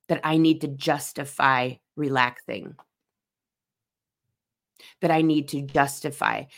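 A woman in her forties, speaking as a podcast host in an earnest, personal monologue that leans on emphatic repetition. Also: sits low. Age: 40s.

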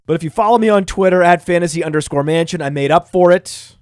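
A man hosting a fantasy football podcast, reading ads in a boastful, self-mocking, energetic way. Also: sits high, fast talker, very noisy. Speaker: podcast host.

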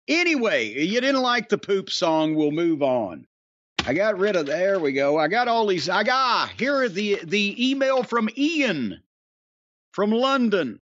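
A man's voice: high-pitched, fairly bright tone, dry recording. A middle-aged man hosting a podcast, chatting casually with profane, rambling storytelling. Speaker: podcast host. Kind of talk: casual chat. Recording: dry, dull lo-fi sound.

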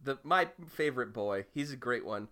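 A man's voice: medium pitch, lively intonation, brisk, pushed and bright. A young man co-hosting a podcast, chatting casually with rambling enthusiasm and casual swearing. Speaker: podcast co-host. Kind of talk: casual chat.

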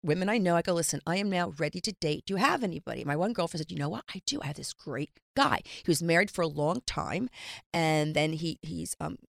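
A woman's voice: lowish voice, animated, fast, vocal fry, dry recording, clean studio sound. A middle-aged woman in casual conversation, telling a personal story and acting out the lines she quotes. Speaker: reality TV personality, guest.

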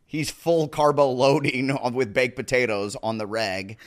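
A man from Nebraska with a slight Nebraska twang, telling funny stories as a podcast guest and jumping into loud, high character voices. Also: fairly even intonation, measured pace. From Nebraska, USA. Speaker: guest comedian. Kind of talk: casual comedic storytelling.

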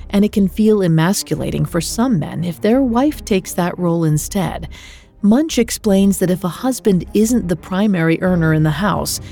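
A woman reading a scripted true-crime podcast narration in a measured, even delivery. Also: lowish voice.

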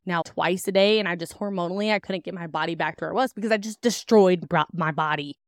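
A young woman hosting a podcast talks candidly and chattily about her own life to listeners, sprinkling in lots of "like" and laughter. Her voice runs on the low side and she talks fast. The sound is dry, of studio quality.

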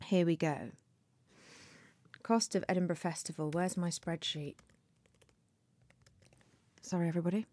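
A woman's voice: fairly low pitch, unhurried, long pauses, darkish tone, no echo. A woman co-hosting a podcast, chatting casually and thinking aloud with many fillers. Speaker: podcast co-host, comedian. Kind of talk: casual chat.

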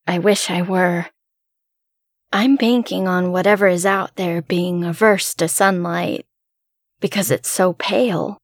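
A woman narrates a first-person horror story in a hushed, suspenseful telling. Her voice sits at an ordinary middle pitch, and the recording is close and dry with no room sound. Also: no echo.

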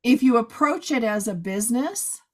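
A woman hosting a podcast, chatting casually and a bit hoarse after a long day of recording. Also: fairly high pitch, animated, moderate pace. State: hoarse, losing her voice. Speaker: podcast host. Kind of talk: casual chat.

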